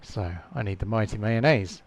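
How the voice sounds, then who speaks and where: A man running a tabletop game as game master, thinking aloud with frequent fillers and halting restarts. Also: on the low side.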